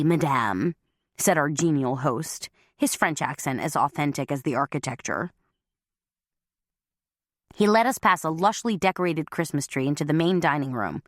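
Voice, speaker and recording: Woman narrator, low lively voice, wry, dry close mic. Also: dry recording. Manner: wry, conversational. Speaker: audiobook narrator. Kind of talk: first-person humorous narration.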